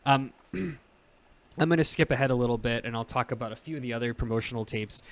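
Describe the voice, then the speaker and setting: A man's voice: medium pitch, fast. A man in his thirties hosting a podcast, chatting casually and rambling with lots of fillers and frequent laughs. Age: 30s. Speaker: podcast host. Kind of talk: casual chat.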